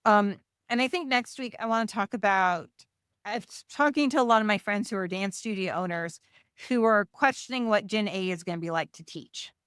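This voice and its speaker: A middle-aged woman speaks at an ordinary mid pitch, co-hosting a casual podcast. She explains things earnestly, with fillers. The recording is dry and close. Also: moderate pace, a bit bright, smooth, no echo. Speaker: podcast co-host, dance studio owner. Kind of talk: casual chat.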